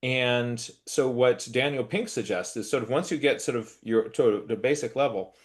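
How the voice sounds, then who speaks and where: A man's voice: mid-range voice, moderate pace. A man hosting a casual interview, thinking aloud and restarting phrases as he sums up ideas. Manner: reflective, many restarts and hedging fillers. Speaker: host, interviewer.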